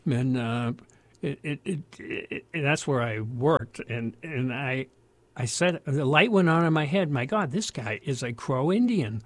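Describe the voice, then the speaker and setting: An older American man recounts memories in a meandering, conversational way, often stopping to restart a thought. His voice sits at an ordinary middle pitch, and the recording is close and dry. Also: animated, a little slow, no room sound. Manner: rambling, many restarts and fillers. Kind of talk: casual spoken storytelling.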